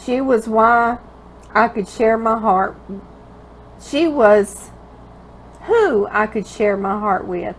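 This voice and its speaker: A woman's voice: fairly high pitch, takes it slowly, pauses often, a little hiss or hum, low-quality recording. A woman with a Louisiana Southern accent, hosting a home cooking show from her kitchen and reading viewer mail aloud in a tender, emotional way. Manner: tender, emotional, laughs often, calls listeners girl.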